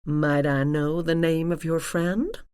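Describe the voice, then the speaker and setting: Chilly posh receptionist with a slow drawl, done by a woman narrator, dry booth sound. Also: low voice, steady tone, darkish tone, clear, resonant tone, dry recording. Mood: cool. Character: cool, posh female gallery receptionist.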